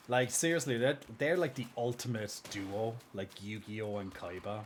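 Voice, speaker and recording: Rambling, excitable male game streamer. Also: lowish voice, moderate pace, hardly any pauses, slight background noise. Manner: rambling and excitable, lots of fillers and laughs. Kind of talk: casual live-stream chat while gaming.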